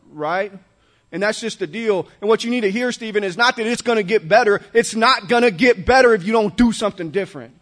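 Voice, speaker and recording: A man with a high voice tells his recovery story to a meeting, slangy and animated. He laughs along as he talks and keeps it loose and personal. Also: brisk. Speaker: recovery speaker. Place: meeting room with audience.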